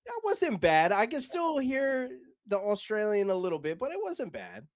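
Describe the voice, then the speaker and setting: Swooping wildly in pitch, this high-voiced American podcast host trades crude, joking banter with his co-host. His casual delivery is drawn out.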